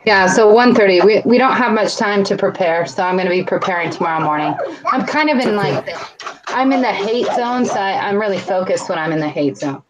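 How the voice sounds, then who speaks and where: A woman's voice: medium pitch, lively intonation, brisk, a crowd in the background, poor audio. An American woman chatting casually, self-mocking and talkative. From USA. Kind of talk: casual group chat.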